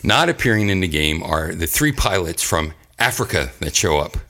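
Brief: male podcast host, low voice with big swings, loose and profane storyteller. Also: lively intonation, moderate pace, bright, forceful tone. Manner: rambling and profane, with frequent laughs. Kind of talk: casual chat recapping an anime.

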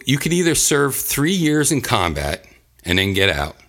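A man's voice: medium pitch, very animated, normal speed, fairly bright tone. A man hosting a casual chat, rambling and profane, often laughing as he recaps a story.

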